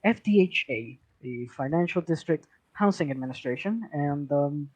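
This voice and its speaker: A man's voice: on the high side, lively intonation, moderate pace, a little mellow, no echo, muffled recording. A man voicing a stern noble knight who heads a great house, speaking in a curt, commanding way.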